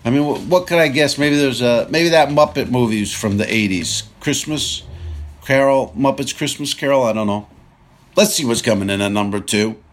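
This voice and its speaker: A man's voice: mid-range voice, normal speed. A man hosting a countdown show, talking casually from his car and joking as he thinks aloud. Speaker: show host. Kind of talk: casual rambling monologue.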